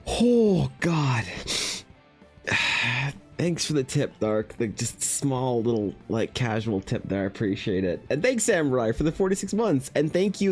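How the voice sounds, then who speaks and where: A man hosting an art livestream, overwhelmed and emotional, who swears a lot and stammers through restarts as he talks. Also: mid-range voice. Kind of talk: casual livestream chat.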